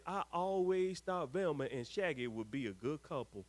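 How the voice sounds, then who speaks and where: A man hosting a live stream, reading viewer comments aloud with lively ups and downs and grumbling when his screen freezes. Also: fairly high pitch, normal speed, no echo. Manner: exasperated, grumbling at tech trouble. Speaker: host.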